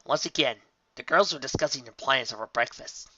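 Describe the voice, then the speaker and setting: A reader narrating a fan story aloud, lively storybook delivery. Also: mid-range voice, fairly quick, lo-fi sound.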